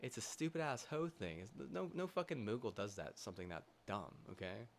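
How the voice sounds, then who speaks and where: A young man streaming live, ranting angrily with constant swearing, halting restarts and loud agitated bursts. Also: fairly low pitch, big pitch swings, a little hiss or hum. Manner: heated, profane, swearing constantly; halting restarts, trailing fillers. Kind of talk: angry livestream rant.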